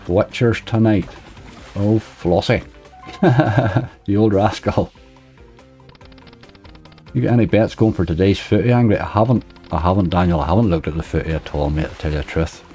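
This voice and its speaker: Male streamer, deep and relaxed, chatty, faint game music behind. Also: moderate pace, long pauses. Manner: chatty, reading out viewer chat. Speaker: slots livestreamer. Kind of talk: casual live-stream chat. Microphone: desk microphone.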